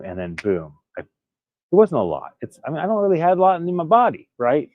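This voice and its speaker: A man's voice: on the high side, wildly swooping pitch, a little fast, narrow, tinny audio. A man recovering from illness, earnestly telling a personal story to camera in a casual, candid way. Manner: candid, earnest, prone to restarts and little laughs. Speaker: vlogger.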